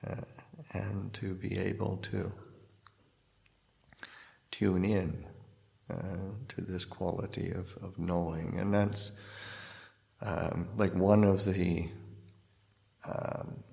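A man, a Buddhist monk, giving a dharma talk in a halting way, often restarting and searching for words. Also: sits low, flat delivery, vocal fry, mellow. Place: hall in a spiritual society.

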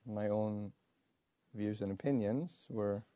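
A Buddhist monk, a man, telling a teaching story in a halting way, full of fillers and restarts, with soft chuckles. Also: lowish voice, dry recording. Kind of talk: storytelling dharma talk.

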